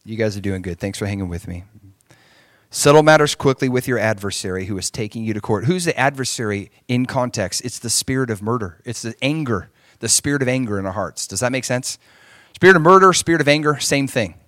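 A man preaching a sermon, moving between hushed asides and emphatic points and often checking in with the congregation. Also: mid-range voice, animated, a little fast, no echo, clean studio sound. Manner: asks the crowd for agreement often. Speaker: pastor.

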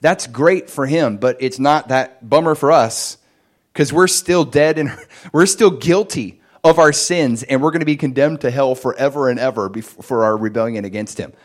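A man preaching a sermon, telling his own testimony in a lively storytelling way. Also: normal speed. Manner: animated storytelling, jumps much higher and louder in excited moments.

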